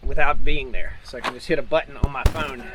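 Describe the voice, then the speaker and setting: A man's voice: mid-range voice, quick pace. A man gives an enthusiastic, explanatory tour of his farm outdoors in the rain. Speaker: farmer. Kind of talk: casual farm tour chat. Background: rain and outdoor noise.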